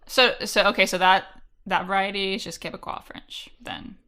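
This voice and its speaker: A woman hosting a podcast interview. Her voice is bright and clear. She keeps her turns short, with quick acknowledgments and brief questions. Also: mid-range voice, flat delivery. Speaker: podcast host.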